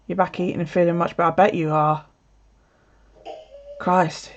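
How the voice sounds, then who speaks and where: In a lowish voice with little pitch movement, a British woman chats with her viewers from home at a normal speed, leaving long pauses. This video creator swears freely and laughs a lot, and the dull lo-fi recording carries a little hiss or hum.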